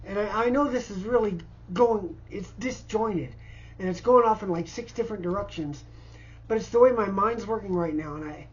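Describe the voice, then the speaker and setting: This Indiana vlogger in his fifties pleads for help from indoors amid clutter, stumbling over and repeating his words in an off-the-cuff appeal. He speaks at a normal speed in a high voice, and the audio is dull. Distress and a sense of being overwhelmed come through clearly.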